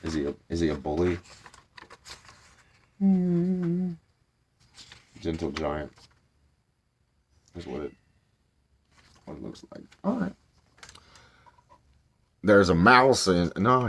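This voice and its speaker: A deep-voiced man reads a children's storybook aloud in a casual way, breaking off into rambling, chatty asides. His voice swings widely in pitch, and he often corrects himself as he goes. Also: expressive, a little slow, pauses often, a little hiss or hum.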